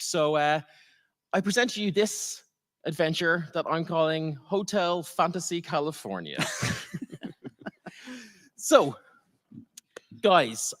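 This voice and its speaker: An Irish man with a high, bright-toned voice runs a live fantasy game from a convention stage. His speech swings up and down a great deal, animated and playful with the audience. He talks into a stage microphone in a large hall. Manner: animated, laughing often, playful with the crowd. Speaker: dungeon master.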